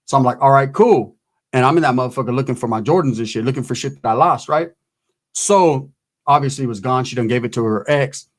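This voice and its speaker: A man's voice: medium pitch, fast talker. A man telling a crude, rambling stand-up story, tagging lines with "right?" and acting out other people's voices. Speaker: stand-up comedian.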